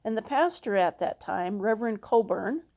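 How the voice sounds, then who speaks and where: A woman's voice: mid-range voice, animated, a little mellow. A woman pastor preaching a sermon, retelling a parable in a folksy storytelling way. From Minnesota. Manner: slow, storytelling, acts out characters with folksy asides.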